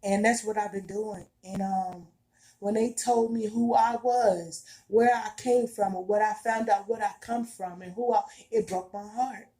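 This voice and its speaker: A woman speaks straight to her viewers about spiritual growth in a casual, heartfelt way. She talks slowly, leaning on repetition for emphasis, and her voice has a dark, mellow tone. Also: medium pitch, fairly even intonation. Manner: earnest and emphatic, repeats herself, casual colloquial speech. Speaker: spiritual vlogger.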